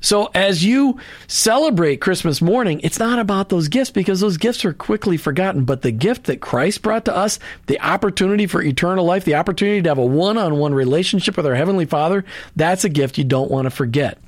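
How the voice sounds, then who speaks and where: High-voiced man hosting Christian radio. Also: expressive, a little fast, no room sound. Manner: earnest, preachy, with many restarts and asides. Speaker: radio show host. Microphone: studio microphone.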